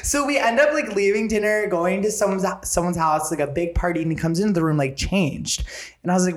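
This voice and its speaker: Young guy cohost, super animated, cussing nonstop, acts out everyone's lines, echoey room. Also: sits high, fairly quick. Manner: animated, profane, dramatic retelling with lots of quoted dialogue. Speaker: podcast co-host. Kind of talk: casual storytelling chat. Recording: roomy echo.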